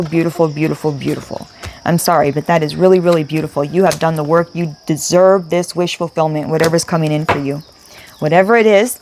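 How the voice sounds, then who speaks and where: A woman's voice: low-pitched, a little mellow, slight background noise. Emphatic woman giving a tarot reading. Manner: emphatic, repetitive, emotional, swears casually. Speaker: tarot reader. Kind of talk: spiritual tarot reading to camera.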